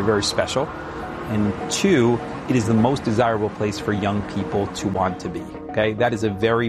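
A man interviewed on business and city economics, talking emphatically and repeating words for stress. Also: lowish voice. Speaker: business leader interview guest. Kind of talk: conversational interview.

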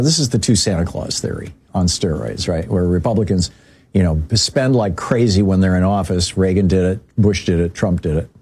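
A man hosting a radio talk show, giving political commentary and telling anecdotes in a loose conversational way, full of fillers and restarts. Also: breathy edge. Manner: conversational, many "you know" fillers and restarts; lively storyteller, jumps pitch for emphasis.

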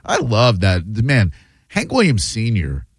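A man's voice: lowish voice, wildly swooping pitch, slow, slightly rough, no room sound. A man in his fifties hosting a call-in radio show, loose and jokey, swearing casually.

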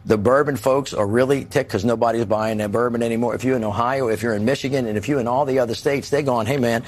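A man's voice: mid-range voice, steady tone, fast talker. A man speaking as a political guest on a panel show, folksy and emphatic, acting out the voices of ordinary people.

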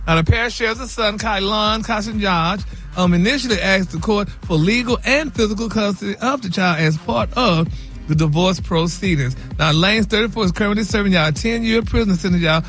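A man's voice: sits high, fairly quick, a bit bright, faint music behind. A man reading celebrity news on a radio morning show, sassy, dropping "y'all" and "honey" throughout.

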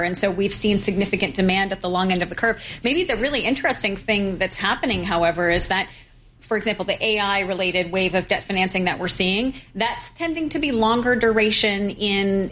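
Measured woman explaining credit markets. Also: mid-range voice, fairly bright tone, slight background noise. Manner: measured, fluent with occasional fillers. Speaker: credit strategist guest. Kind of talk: financial interview, analytical.

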